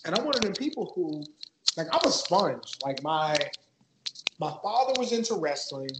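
A man's voice: high voice, sing-song, normal speed, heavy background noise. A man from Maryland, a podcast guest, talking in a laid-back, loose way with lots of fillers. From Maryland, USA. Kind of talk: casual podcast chat.

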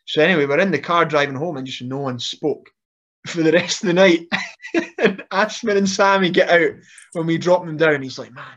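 A man's voice: fairly high pitch, moderate pace, muffled recording. A man who is a guest on a podcast, telling funny stories casually and laughing as he talks. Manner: animated, laughs through stories, frequent restarts. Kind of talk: casual storytelling.

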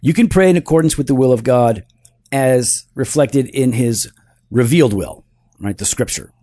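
A man of middle pitch talking through ideas on a podcast, laying out his points one by one and tossing in "right?" to keep his partner along. The sound is close and dry, with little room around it. A dry, teasing humor slips into his explanations. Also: normal speed, mellow, no echo. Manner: teaching, explains step by step with frequent "right?". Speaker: podcast co-host. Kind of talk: casual theological discussion.

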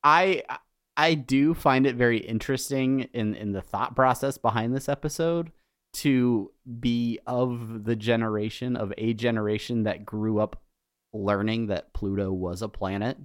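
A man's voice: medium pitch, unhurried, clear, resonant tone, no room sound, clean studio sound. A man co-hosting a podcast, chatting casually and joking about himself. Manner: rambling, jokey, self-deprecating. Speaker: podcast co-host.

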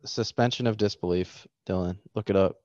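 Male co-host with wisecracks and sarcasm, low voice on a dull dry mic. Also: brisk, a little mellow, dry recording. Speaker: podcast co-host. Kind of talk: casual chat.

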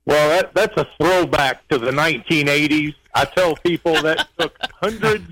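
A man's voice: on the high side, moderate pace, fairly bright tone, no echo, low-quality recording. A man from Kentucky with a Kentucky accent, guesting on a radio show and telling easygoing stories. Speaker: guest, cooking channel host. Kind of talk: casual radio interview.

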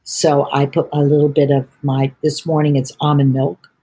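A woman's voice: low-pitched, flat delivery, moderate pace, warm tone, a little hiss or hum. An older woman, a tea entrepreneur, chatting as a podcast guest and telling long rambling stories. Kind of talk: podcast conversation.

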